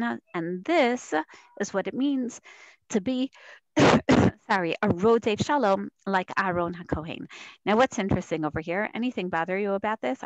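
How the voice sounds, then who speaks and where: A woman's voice: medium pitch, no echo, low-quality recording. A woman teaching a Torah class to students, telling stories animatedly and acting out quoted dialogue. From Israel.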